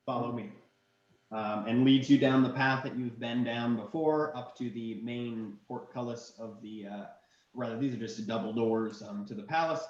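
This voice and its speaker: A man narrating as game master in a relaxed way with many fillers, recorded in an echoey room with dull, lo-fi sound. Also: mid-range voice, normal speed.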